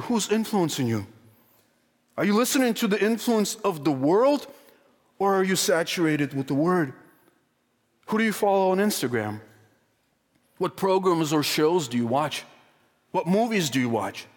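High-voiced male preacher in a reverberant hall. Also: animated. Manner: slows and drops low for scripture quotes; earnest, emphatic, rhetorical questions. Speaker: pastor. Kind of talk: sermon.

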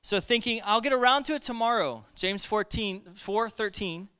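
High bright-voiced energetic male preacher. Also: moderate pace, clear, resonant tone. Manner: energetic, call-and-response with congregation. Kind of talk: sermon.

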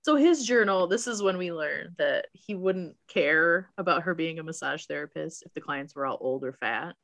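Woman co-host, lowish voice, giggly movie recap from notes. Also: lively intonation, normal speed, gravelly, fairly bright tone. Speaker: podcast co-host. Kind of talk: casual movie recap chat.

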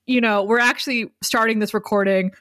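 A woman's voice: a little high, fairly even intonation, fairly quick, a bit bright, no room sound, clean studio sound. A tired woman co-hosting a podcast in casual chat, joking and laughing often. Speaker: podcast co-host.

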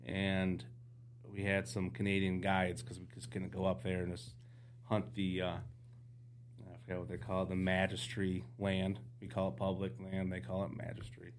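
A deep-voiced man speaks at normal speed, a faint hiss or hum beneath him. He's a podcast guest sharing hunting anecdotes with animation and performing the dialogue as he goes.

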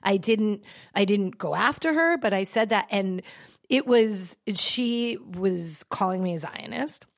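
A woman's voice: medium pitch, expressive, a little slow, gravelly, no echo, studio quality. A woman hosting a podcast, telling a personal story in a casual, emotional and rambling way, full of fillers and restarts. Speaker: podcast host.

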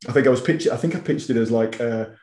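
Wigan-accented male author for a relaxed interview; mellow, chatty, self-mocking, recorded in an echoey room. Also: mid-range voice, quick pace. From Wigan, England. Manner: chatty, self-deprecating, frequent stammered restarts. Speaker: author guest. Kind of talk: casual interview chat.

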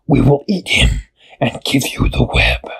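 A man voicing a huge, sly, hungry spider in a told story, speaking in slow, low, whispery threats. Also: wildly swooping pitch, creaky, a bit bright, slightly rough, full character voice. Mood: menacing. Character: big menacing spider chief, hungry and sly.

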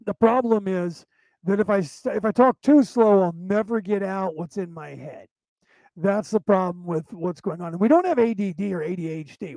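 High-voiced man telling rambling stories. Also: vocal fry, darkish tone, dry recording, low-quality recording. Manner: chatty, anecdotal, often restarts sentences. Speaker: show host. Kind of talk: casual rambling storytelling.

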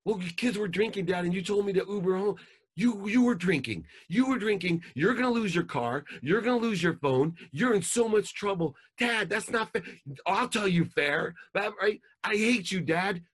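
A man's voice: sits high, steady tone, a little fast, few pauses, a bit bright, pitched above the performer's own voice. A man voicing a teenage girl answering her dad. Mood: upset. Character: teenage daughter, calm then upset.

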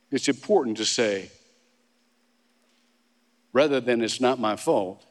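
A male pastor gives a sermon in a relaxed, conversational style, restarting sentences and making self-deprecating asides. His mid-range voice moves slowly with long pauses, and a long hall reverb surrounds the recording.

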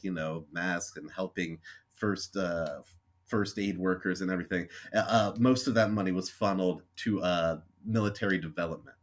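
A young man co-hosting a podcast, venting in a frustrated, sweary, sarcastically apologetic rant. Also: low-pitched. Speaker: podcast co-host. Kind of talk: casual chat.

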